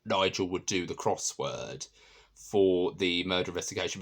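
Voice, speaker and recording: A man with a low, slightly bright voice casually reviews a TV episode. He's enthusiastic and rambling, with many ums and restarts.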